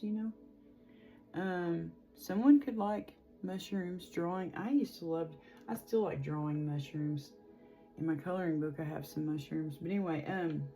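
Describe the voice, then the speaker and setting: A woman in her forties giving a casual, chatty tarot reading, rambling with lots of fillers. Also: fairly low pitch. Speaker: tarot reader.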